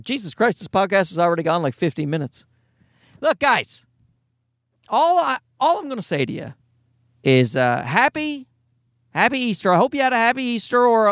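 A man in his thirties rambles through a solo podcast in a high, lively voice. His pitch swings widely as he mocks himself and slips into quick voices for quoted asides. The sound is close and dry, with no room around it. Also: no room sound. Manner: rambling, self-mocking, jumps between voices for quoted asides. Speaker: podcast host. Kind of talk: casual solo podcast monologue.

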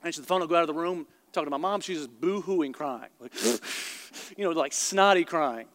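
High-voiced preacher in an echoing hall. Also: male voice. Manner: animated storytelling, quick asides to the congregation. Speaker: pastor. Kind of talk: sermon. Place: large church auditorium before a congregation. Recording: long hall reverb in a large room.

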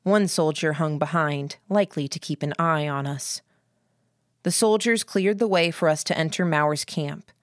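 A woman reading a novel aloud in a steady, even storytelling manner. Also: low-pitched, normal speed, no echo, clean studio sound. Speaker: audiobook narrator. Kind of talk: scripted narration.

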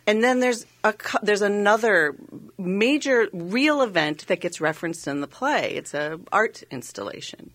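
Animated woman actor telling a story. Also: medium pitch, normal speed. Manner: animated storyteller, restarts, acts out her own thoughts. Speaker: stage actor. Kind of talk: casual radio interview.

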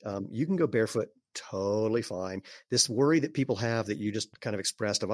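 A man speaking as an interview guest, explaining in a relaxed way with fillers and some throat clearing. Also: lowish voice, fairly quick, no echo. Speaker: guest, barefoot sandal maker. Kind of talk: casual conversational interview.

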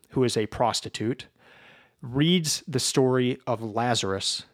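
A male teacher talks through a novel in a slow, reflective way, often stumbling and repeating words. His voice sits at a medium pitch. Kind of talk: informal book lecture.

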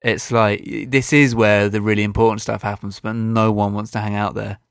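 Wry, gravelly man in a dry room. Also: fairly low pitch, little pitch movement, normal speed, dry recording. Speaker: podcast co-host. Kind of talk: comedic casual chat.

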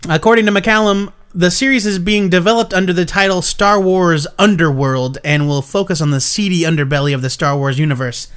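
A man's voice: high-pitched, a little fast, few pauses, fairly bright tone, clear, resonant tone. A man co-hosting a comics news podcast, reading items and teasing his co-host. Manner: playful, teasing. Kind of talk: casual comics news chat.

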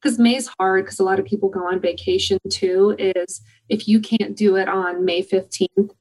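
Woman guest, upbeat, eager storyteller, mid-pitched, everyday conversational read. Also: steady tone, normal speed, darkish tone, poor audio. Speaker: guest, company volunteer program organizer. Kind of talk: conversational interview answers.

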